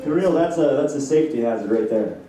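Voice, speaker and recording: A man's voice: mid-range voice, lively intonation, quick pace, dark tone, soft background music. A man from Canada doing a stand-up comedy set. He jokes loosely with the crowd and acts out voices of family members. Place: comedy club. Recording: echoey club heard from a distance.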